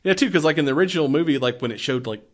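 A man's voice: a little high, animated, rapid-fire. A man in casual chat, retelling a movie in a rambling way, laughing often and swearing freely.

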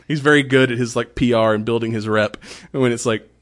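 A man chatting casually about a film, acting out the characters' lines as he goes. He laughs a lot and swears freely, his pitch sitting in an ordinary middle range. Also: steady tone, normal speed. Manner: laughs often, swears, retells scenes in quoted voices. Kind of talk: casual movie recap chat.

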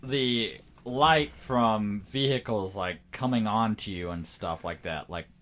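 A man's voice: on the low side, slow pace, a bit bright. A man co-hosting a casual podcast, joking and filling his talk with "like" and "you know". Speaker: podcast co-host.

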